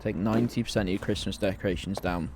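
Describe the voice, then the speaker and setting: A man's voice: sits low, fairly even intonation, fast, vocal fry, heavy background noise. A British man giving casual, sarcastic and sweary commentary while streaming a video game. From Britain.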